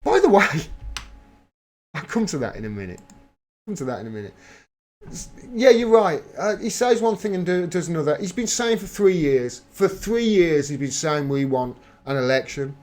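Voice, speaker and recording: Male streamer, slightly high pitch, blunt and emphatic, swears freely while reading chat. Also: sing-song, normal speed, a little mellow. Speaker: livestream host. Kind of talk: live political commentary reading viewer chat.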